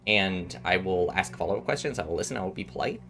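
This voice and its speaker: A man in his twenties streams while gaming, chatting casually and spinning rambling stories that he keeps restarting. His voice is low, expressive and fast.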